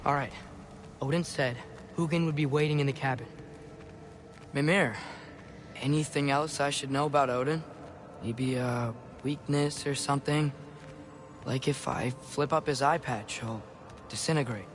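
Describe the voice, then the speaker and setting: An actor voicing the earnest young god Atreus. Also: male voice, mid-range voice, fairly even intonation, measured pace, long pauses, lightly acted. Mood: joking. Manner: earnest, gentle and soothing with animals. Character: earnest teenage boy god, kind and wry. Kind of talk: video game cutscene acting. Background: game music.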